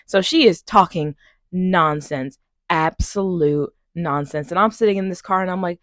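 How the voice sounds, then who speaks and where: A young woman from Long Island telling a story to camera in an animated, exasperated way. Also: lowish voice, moderate pace, no room sound. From Long Island, New York. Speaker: vlogger. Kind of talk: story time vlog.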